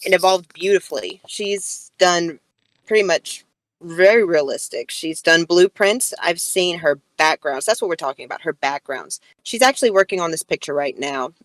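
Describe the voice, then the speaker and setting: A woman's voice: fairly low pitch, expressive, normal speed, no room sound, rough recording. A woman co-hosting a podcast in casual chat, playful and teasing, laughing often. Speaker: podcast co-host.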